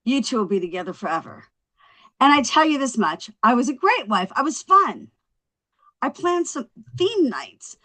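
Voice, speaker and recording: A woman's voice: fairly high pitch, big pitch swings, a bit bright. A woman playing a tipsy, rambling young comic. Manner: rambling, self-mocking, quick comic asides. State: a little drunk. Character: tipsy young woman doing stand-up after her husband left. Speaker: actor in a table read. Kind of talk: table read.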